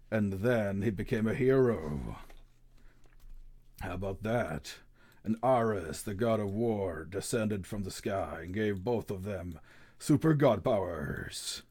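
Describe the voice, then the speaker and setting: A man narrating as game master, talking slowly with many halting restarts and laughs. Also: fairly low pitch. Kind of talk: narrating a tabletop game over voice chat.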